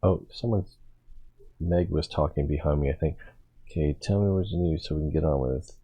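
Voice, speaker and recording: A man giving relaxed, wry commentary while playing a video game and reading the dialogue choices aloud. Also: rumbling low, fairly quick, husky. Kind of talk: casual gameplay commentary.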